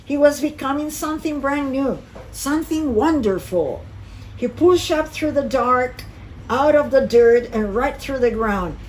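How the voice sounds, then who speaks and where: A woman reading a picture book aloud to children in an expressive storytelling manner, as a teacher. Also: high voice, slight background noise, rough recording. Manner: expressive and slow-paced storytelling.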